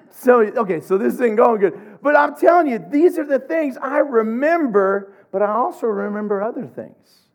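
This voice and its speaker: High-voiced middle-aged preacher. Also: male voice, normal speed. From Oklahoma, USA. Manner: humorous, animated storytelling with laughs. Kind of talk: sermon.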